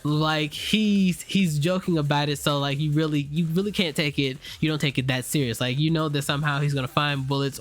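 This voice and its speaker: A man giving a loose, unscripted spoken review, full of fillers, restarts and casual swearing. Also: on the high side. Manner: swears freely, slangy. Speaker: anime reviewer.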